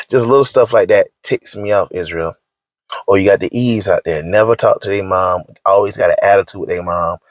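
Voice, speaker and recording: An online commentator with a low, slightly bright voice goes on a preachy, scolding rant at a moderate pace, recorded dry. His speech is slangy and emphatic, and he hammers his points home by repeating them.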